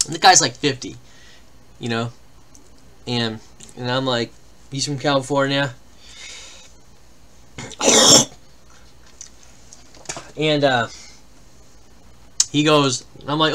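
A man's voice: medium pitch, fairly even intonation, slow pace, pauses often, sharp tone. A man hosting a live card-break stream, chatting casually in rambling anecdotes and reading out lists of names and teams. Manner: rambling anecdotes, then listing name-team pairs.

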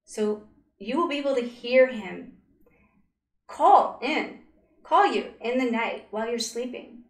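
A woman voicing a gentle angel who speaks softly and calmly to reassure a child. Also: on the high side, slow, recorded from a distance. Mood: soothing. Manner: soft, hushed, calm reassurance. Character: gentle soothing female angel spirit. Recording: roomy echo.

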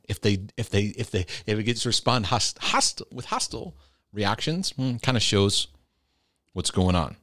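A man hosts a casual faith-based advice talk, answering viewer questions conversationally and emphatically. His lowish voice swings widely in pitch at a normal speed, getting loud and forceful before dropping soft. The clean studio sound has no echo.

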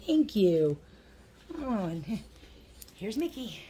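A woman's voice: on the low side, wildly swooping pitch, very slow, pauses often, dark tone, slight background noise. Woman cooing baby talk at her dogs. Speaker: pet owner vlogger. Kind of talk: casual pet vlog.

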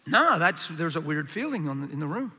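High-voiced, bright passionate male preacher. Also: very animated, a little fast, big-room sound, a little hiss or hum. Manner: passionate, acts out complaining voices in a higher pitch. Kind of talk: sermon. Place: large hall with an audience.

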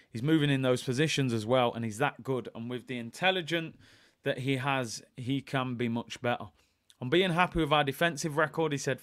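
A man hosting a casual football reaction video, reading quotes calmly and breaking into excited, jokey asides. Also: mid-range voice, clean tone, dry recording, clean studio sound. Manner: reads quotes in a calm, even tone, then bursts into excited, jokey asides. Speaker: fan channel host.

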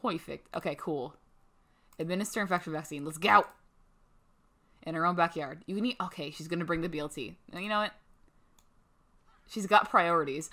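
A woman's voice: fairly low pitch, moderate pace, pauses often, pushed and bright. A young woman casually commenting on her life-sim game, chatty and playful, putting words in her characters' mouths. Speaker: gaming channel host. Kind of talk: casual let's-play commentary.

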